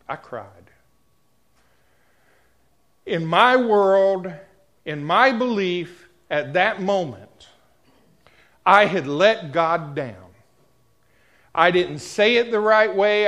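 A male preacher delivers his sermon at an unhurried, drawn-out pace. His voice sits high for a man, and he speaks directly to his congregation as he tells a personal story. His delivery swings between hushed and loud.

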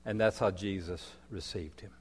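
A man preaching a sermon, telling stories dramatically, swinging from loud declarations to soft asides. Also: low voice, fairly even intonation, moderate pace, slightly rough. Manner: dramatic storytelling with wide swings in loudness. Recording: long hall reverb.

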